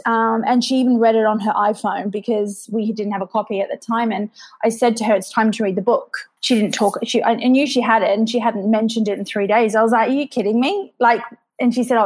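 A woman podcast guest talking candidly and emotionally about her life, reflective and full of restarts. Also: fairly high pitch. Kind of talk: candid conversational interview.

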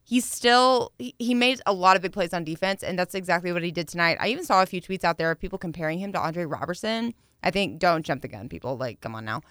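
Bright, bubbly young woman talking sports. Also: fairly low pitch, no echo, clean studio sound. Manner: playful and bubbly, quick to laugh and joke. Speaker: sports podcast co-host. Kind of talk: casual sports talk.

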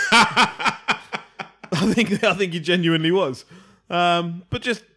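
Male podcast co-host, blunt, laughs often, slightly high voice. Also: slow, sharp tone. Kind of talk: casual chat.

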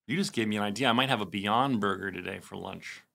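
A man co-hosting a podcast in casual chat, telling animated stories and putting on voices for quotes. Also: lowish voice, fast, creaky. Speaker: podcast co-host.

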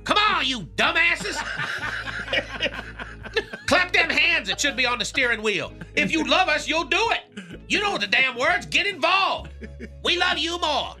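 A man's voice: very high voice, lively intonation, takes it slowly, bright, forceful tone, heavily acted. A man doing a boastful jive-talking radio hype man. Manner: made-up long words, crude boasting, laughing through lines. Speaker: comedy bit character on a morning radio show. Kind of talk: comedy radio bit. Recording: music under the voice.

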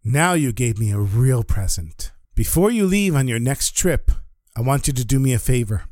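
A man voicing a revered old rabbi who gives instructions warmly but firmly. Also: medium pitch, animated, normal speed, dry recording, studio quality, close to an everyday voice. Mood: commanding. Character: revered old male rabbi, warm, commanding.

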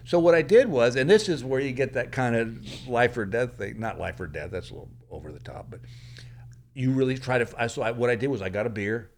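A man speaking in a studio as a comedian guest, spinning long anecdotes at a mid-range pitch. He slips into the voices of the people in his tales as he tells them. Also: brisk, slight background noise. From Texas. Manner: animated storyteller who acts out the people in his stories. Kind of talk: anecdotal storytelling.

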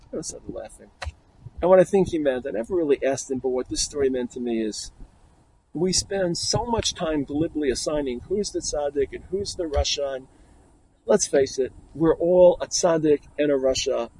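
Gravelly-voiced rabbi telling a story. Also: male voice, a little high, normal speed, a little mellow, a little hiss or hum, low-quality recording. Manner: earnest, reflective storytelling. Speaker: rabbi teaching at a yeshiva. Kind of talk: talk to yeshiva students.

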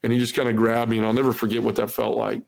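A man's voice: mid-range voice, monotone, rapid-fire, creaky, a little mellow. A man in his forties, a podcast guest, telling a personal testimony in an earnest way, peppered with "you know", acting out the lines of people in it. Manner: acts out quoted dialogue.

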